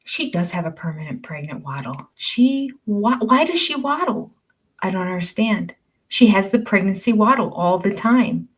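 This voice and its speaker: A woman's voice: medium pitch, expressive, moderate pace, slightly rough. An older woman hosting a livestream, chatting casually, reading viewer comments aloud and laughing often. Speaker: livestream host.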